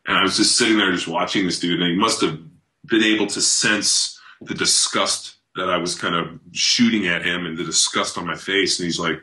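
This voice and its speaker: Man, very low voice, forceful edge, blunt, heavy swearing, animated storyteller, podcast guest. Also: normal speed. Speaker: podcast guest, former pro football player. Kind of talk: casual interview talk.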